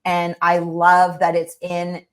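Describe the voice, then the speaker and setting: A woman hosting a podcast in casual conversation. Her voice sits a little low, and she talks in a warm, cheering way, full of "like" and "you know". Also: monotone, slow pace. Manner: encouraging, effusive, heavy use of "like". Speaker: podcast host. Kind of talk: casual interview chat.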